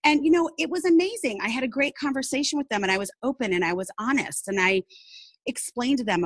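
A woman's voice: sits high, fast, dry recording. A woman talking openly and earnestly as an interview guest, often laughing as she tells her story. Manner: open and heartfelt. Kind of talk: candid personal interview.

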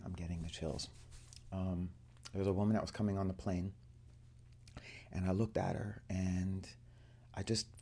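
A man with a low, mellow voice tells a personal story to a group. He talks earnestly and animates the lines he quotes from others. The tone stays relaxed and unforced. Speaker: coaching student.

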